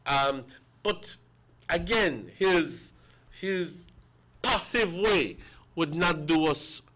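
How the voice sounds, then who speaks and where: A man's voice: fairly high pitch, lively intonation, very slow, noisy background. A man, a guest on a morning talk show, arguing emphatically and repeating words for stress. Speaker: guest commentator.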